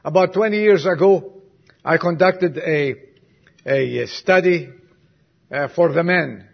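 A man preaching a sermon to his congregation, swinging from emphatic lines to soft, quiet asides and putting questions to the listeners. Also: a little high, takes it slowly, gravelly, muffled recording. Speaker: pastor.

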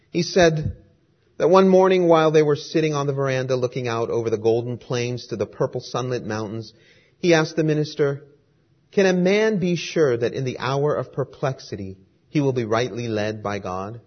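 A male preacher delivers an emphatic sermon, hammering each point with rhetorical repetition. His voice is husky and mid-pitched. The recording sounds dull and lo-fi.

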